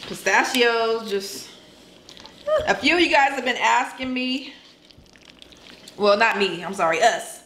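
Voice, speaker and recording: Chill woman on a mukbang vlog, bit high pitched, roomy echo and faint hiss. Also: takes it slowly, long pauses. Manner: laid-back, relaxed, talks to viewers as y'all. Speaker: vlog co-host. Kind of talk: casual mukbang chat.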